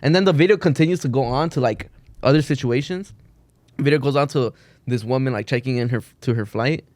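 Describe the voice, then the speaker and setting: A young man on a podcast, telling stories fast in a slangy, rambling way. His voice sounds dry and close, with no room around it. He sits at the middle of the male pitch range. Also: a little mellow, no echo. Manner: rambling storyteller, slangy, says "bro" often. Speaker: podcast co-host. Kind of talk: casual chat.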